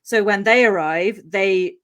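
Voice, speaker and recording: A woman's voice: mid-range voice, takes it slowly. A woman from Wales tells a true-crime case on a podcast, chatty and loose, dropping ums and laughing easily. Her voice sits in a medium register. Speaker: podcast co-host telling the case. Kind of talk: casual true-crime storytelling.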